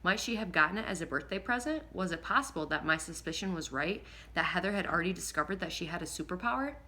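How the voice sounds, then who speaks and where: Bright-voiced woman reading an audiobook. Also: fairly low pitch, fast. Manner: lively, expressive reading with occasional slips and rereads. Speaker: audiobook narrator. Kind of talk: first-person audiobook reading.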